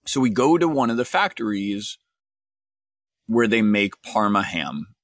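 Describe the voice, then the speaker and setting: A man's voice: fairly low pitch, lively intonation, a little slow, fairly bright tone, no echo, clean studio sound. A man hosting his own podcast, telling a wry story and then giving an earnest analysis in a solo monologue. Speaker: podcast host.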